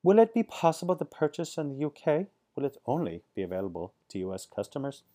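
Fretful male forum poster, put-on British accent, strained high voice, a man acting it out. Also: sing-song, fast talker, dark tone.

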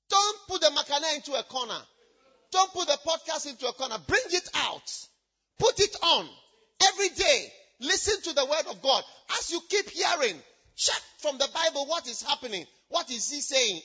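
A man preaching a sermon in a church, shouting out points and then dropping low. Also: highs cut off. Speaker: pastor.

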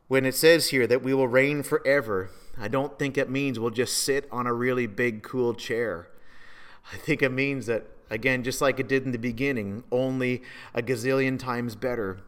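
A man preaching a sermon. He rises to loud, emphatic peaks and drops to hushed, slow phrases. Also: mid-range voice. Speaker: pastor.

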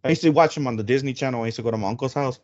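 A man's voice: medium pitch, racing, a little mellow, lo-fi sound. Chatty man in his thirties. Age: 30s. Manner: chatty, laughs easily, drops in Spanish slang. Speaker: podcast co-host. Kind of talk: casual chat.

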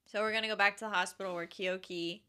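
A woman's voice: mid-range voice, quick pace. A woman chatting casually as a podcast co-host, recapping a show and acting out scenes with quoted voices. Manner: animated, acts out scenes in quoted voices, laughs often.

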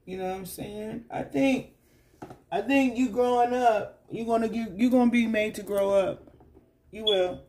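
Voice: medium pitch, a little slow, darkish tone, a little hiss or hum. A tarot reader giving a casual spoken reading, talking in a loose, repetitive and coaxing way.

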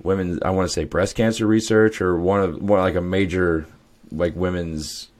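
A man's voice: low-pitched, steady tone, moderate pace, a little mellow. A young adult man co-hosting a podcast, telling loose stories with laughs and swearing. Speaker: podcast co-host. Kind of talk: casual chat.

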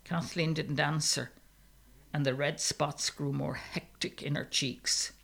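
A man reading a story aloud in a measured, steady narration. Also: on the high side, creaky.

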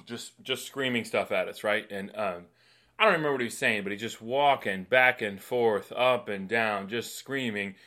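A man, a comedian and podcast co-host, telling animated stories in casual chat and acting out voices. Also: lowish voice, normal speed. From New York City. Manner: animated, acts out voices with laughs.

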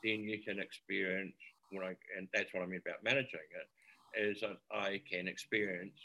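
A man's voice: deep voice, steady tone, normal speed, sharp tone. A man, a former paramedic, talking reflectively as a guest in a casual podcast conversation. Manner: reflective, searching for words.

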